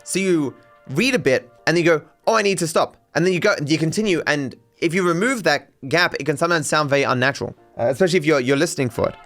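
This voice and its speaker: A man streamer with a faint Australian accent, rambling casually and reading out chat, quick with many restarts. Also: a little high, expressive, a bit bright, faint music behind. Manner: rapid, restarts often, thinks aloud.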